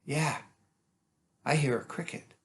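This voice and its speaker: A man as a quiet, wise country brother. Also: a little high, gravelly, heavily acted. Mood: calm. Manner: quiet, unhurried, matter-of-fact.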